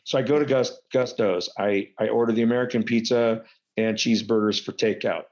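A man telling a funny story casually, animated and profane. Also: fairly quick, lo-fi sound. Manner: animated, profane, big pitch jumps.

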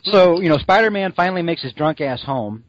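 A man's voice: fairly high pitch, lively intonation, fairly quick, no room sound, dull audio. A man co-hosting a comic-book podcast, telling the story in a rambling, joking way with lots of fillers. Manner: rambling, jokey, full of fillers. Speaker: podcast co-host.

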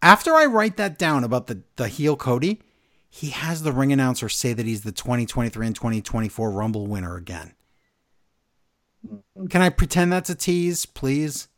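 A man co-hosting a podcast, recapping a wrestling show in casual, animated chat from his notes. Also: mid-range voice, moderate pace. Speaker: podcast co-host.

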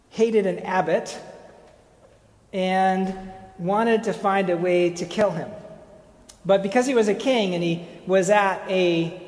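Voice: mid-range voice, darkish tone. A speaker giving an informal slide lecture, telling a parable in a conversational way with wry asides, frequent fillers and restarts. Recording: echoey hall with long reverb.

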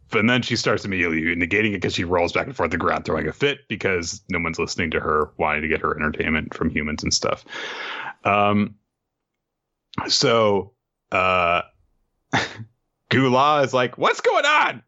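A man co-hosting a podcast, recapping a comic in an animated, rambling way with frequent laughs. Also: deep voice, moderate pace, long pauses, dull audio. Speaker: podcast co-host.

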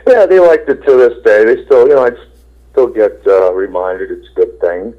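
A man's voice: fairly low pitch, normal speed. A middle-aged man, a rock singer, telling rambling, laid-back stories with swearing in an interview, acting out quotes. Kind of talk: casual storytelling interview. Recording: tinny phone line.

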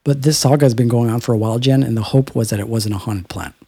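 A man's voice: medium pitch, quick pace, mellow, breathy edge, no room sound, clean studio sound. A man co-hosting a casual chat, rambling through stories with lots of fillers. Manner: rambling, storytelling with filler words.

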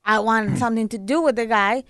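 A woman guest on a casual podcast, answering firmly and matter-of-factly. Her voice sits somewhat high. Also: brisk, crowd noise. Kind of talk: casual chat.

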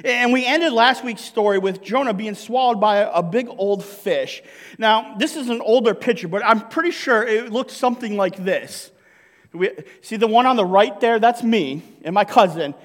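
A man's voice: sits high, moderate pace, long reverb tail. A male pastor preaching a sermon to his congregation, joking and often checking in with "right?". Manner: jokey, keeps asking the congregation "right?". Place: church sanctuary.

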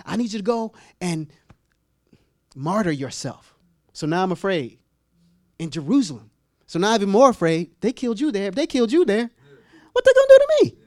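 Animated preacher, high and lively. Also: male voice, dry recording, studio quality. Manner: animated, acts out voices with sudden high-pitched squeals and laughs. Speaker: pastor. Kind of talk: humorous storytelling sermon.

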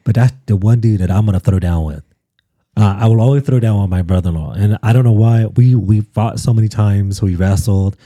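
A pastor guest on a podcast telling a personal story in casual chat, animated and acting out quotes with lots of fillers. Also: male voice, lowish voice, a little fast, dry recording, clean studio sound.

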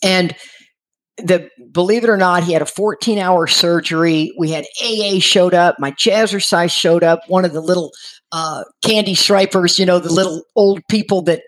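A woman's voice: fairly low pitch, normal speed. A middle-aged woman telling a personal story casually, acting out what people said and laughing as she goes. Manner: lively, laughing, acts out quoted voices. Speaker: storyteller sharing her recovery story.

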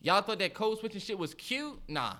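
A man co-hosting a podcast in casual chat, ranting in an animated and profane way. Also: sits high, normal speed. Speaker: podcast co-host.

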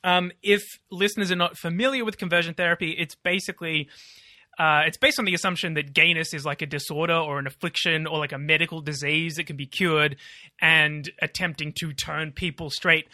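A man's voice: on the high side, steady tone, fairly quick, pushed and bright, dry recording, clean studio sound. A man co-hosting a podcast, explaining the news with a sardonic, casual manner. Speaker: podcast co-host.

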